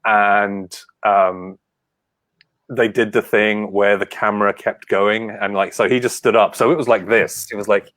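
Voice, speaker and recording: Lively storytelling man, dry sound. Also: fairly low pitch, a little slow, dry recording. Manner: animated storyteller, acts out quotes. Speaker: podcast co-host. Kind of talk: casual chat.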